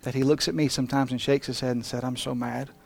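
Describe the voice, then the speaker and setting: A male pastor preaching a passionate sermon, moving between emphatic lines and quiet ones. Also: medium pitch, steady tone, quick pace, no room sound.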